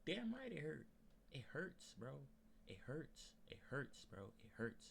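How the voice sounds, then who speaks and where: A man's voice: a little high, huge pitch swings, measured pace, creaky, a bit bright, slight background noise. A young male streamer with a Haitian Creole-tinged Florida accent, emotionally ranting on a livestream, repeating himself for emphasis and fighting back tears. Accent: Haitian Creole-influenced Floridian English. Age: young adult. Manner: repetitive, emphatic, slangy.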